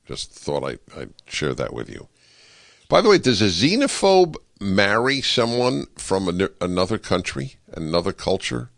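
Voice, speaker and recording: A man hosting a talk radio show, giving a political commentary monologue in an animated, sarcastic way with wry asides, speaking into a studio microphone. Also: lowish voice, a little slow, gravelly, dry recording.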